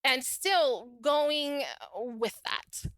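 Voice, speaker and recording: A woman's voice: high-pitched, extremely slow, no room sound. A middle-aged woman, a podcast guest, casually telling her own story and acting out the dialogue in it. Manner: animated, acts out quoted dialogue.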